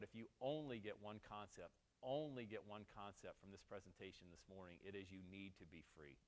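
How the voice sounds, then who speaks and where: A man's voice: fairly low pitch, in a large hall. A man in his forties from Western New York, a motivational speaker telling a personal story with jokes and asides to the audience. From Western New York, USA. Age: 40s. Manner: animated, joking asides to the audience. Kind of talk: storytelling keynote talk. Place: event hall.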